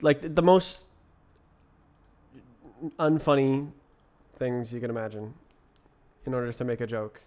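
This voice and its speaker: A man's voice: medium pitch, a little slow, pauses often, a little mellow. A young British man live-coding on stream, thinking aloud in a casual, puzzled way and answering his chat between mutters to himself. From Britain.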